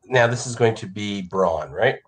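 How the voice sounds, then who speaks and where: A man's voice: lowish voice, animated, moderate pace. An older man playing in a tabletop game, easygoing and chatty. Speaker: player. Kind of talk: casual chat.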